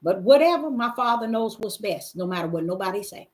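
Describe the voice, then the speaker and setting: Animated middle-aged woman preaching informally. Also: medium pitch, brisk. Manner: folksy and emphatic, often calls out to listeners. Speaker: host answering Bible questions. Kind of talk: informal preaching to a live audience.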